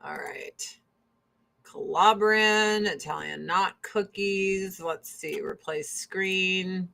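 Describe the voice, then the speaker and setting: A woman's voice: medium pitch, drawn-out words, vocal fry. A woman hosting a casual chat, telling family stories full of swearing and acting out her relatives' voices. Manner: profane, animated storytelling; acts out relatives in quoted voices. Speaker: host.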